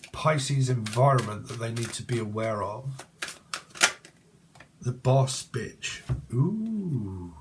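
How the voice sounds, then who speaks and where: Male tarot reader, mid pitch, rambling and profane, casual delivery. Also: a little hiss or hum. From England. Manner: swears freely and rambles, chatty and blunt. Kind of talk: casual tarot reading to camera.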